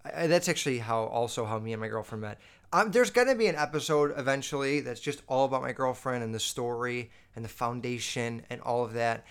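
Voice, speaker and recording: A man's voice: medium pitch, a little fast, fairly bright tone, clear, resonant tone. A young man in his twenties hosting a podcast, telling stories in a loose, rambling way with lots of swearing and filler words. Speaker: podcast host. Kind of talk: casual storytelling monologue.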